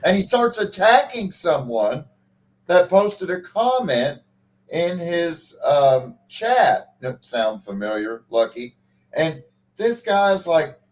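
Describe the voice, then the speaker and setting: Animated, profane male podcast co-host. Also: a little high, slow pace. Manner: animated, profane ranting with many restarts. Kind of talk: casual chat.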